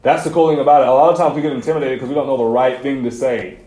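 A man's voice: medium pitch, steady tone, racing, warm tone. Casual, echoey-room youth preacher man. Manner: conversational storytelling, casual slang. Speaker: youth pastor. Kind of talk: sermon.

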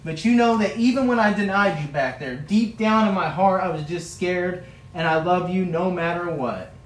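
A man's voice: high-pitched, normal speed, close to an everyday voice. A man preaching who acts out a grieving, remorseful apostle pleading for forgiveness, with the sound of a roomy hall.

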